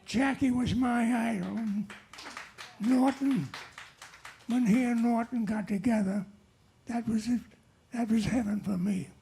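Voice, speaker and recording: Older man, halting and wandering, accepting an award on stage. Slow delivery, husky. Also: very high-pitched, dark tone. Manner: halting and wandering, with lots of restarts. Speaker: award honoree. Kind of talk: rambling speech with told jokes. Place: nightclub stage.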